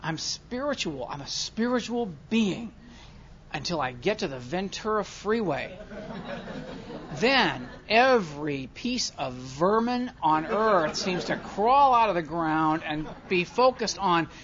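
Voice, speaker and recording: A man speaking at a recovery meeting, telling a self-mocking story to an audience and swinging from quiet asides to loud comic rants. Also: high voice, expressive, slow. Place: large convention hall with audience. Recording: dull lo-fi live hall recording, faint crowd.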